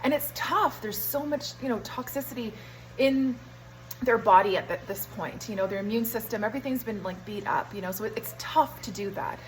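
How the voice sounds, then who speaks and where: A young woman recounting events in a casual, animated monologue, brushing off details with "da, da, da". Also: on the high side, fairly quick, slight background noise, poor audio. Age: young adult. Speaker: health vlogger.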